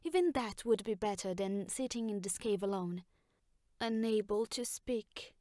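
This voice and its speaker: A woman doing a slow, brooding voice of blame. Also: medium pitch, mellow, dry recording, clean studio sound, natural voice. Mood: reproachful. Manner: measured and reproachful. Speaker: stage actor. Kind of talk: experimental theater monologue.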